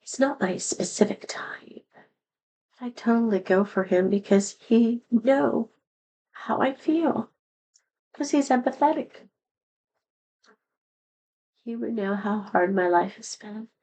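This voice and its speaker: Her voice sits on the high side, warm in tone, as this middle-aged vlogger speaks slowly and pauses often in a sad, candid, rambling confession to the camera. Having been sick, she sounds a little worn and not at full strength. The audio is poor.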